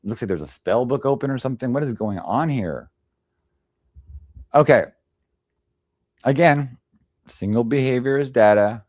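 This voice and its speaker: A man's voice: mid-range voice, measured pace, long pauses, darkish tone, no room sound, clean studio sound. A man hosting a livestream presentation, rambling and sarcastic, full of restarts and asides. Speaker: livestream panel host. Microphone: desk microphone on a stream.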